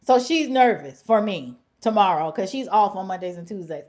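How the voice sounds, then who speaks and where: A young woman hosting a livestream, talking in a blunt, animated way with slang and swearing. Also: medium pitch, brisk, hardly any pauses. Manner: drops to whispers at times. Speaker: livestream host. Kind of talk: casual livestream chat.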